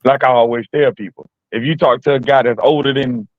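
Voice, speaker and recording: A man calls in to a podcast and sets out his argument at a measured pace. His mid-pitched voice comes through a tinny, phone-like line that sounds dry. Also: fairly even intonation, dry recording. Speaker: caller. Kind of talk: casual call-in podcast.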